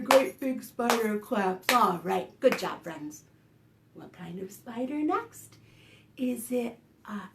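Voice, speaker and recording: A woman children's librarian leading a preschool storytime, singing and talking to small children in an animated sing-song way. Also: high voice, roomy sound, slight background noise. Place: home, recorded for online storytime.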